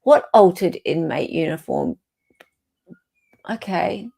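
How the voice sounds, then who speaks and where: A woman's voice: lowish voice, big pitch swings, slow, gravelly, mellow. A woman with an Australian accent hosting a casual chat show, reading through court records and thinking aloud with fillers and restarts. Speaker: podcast host.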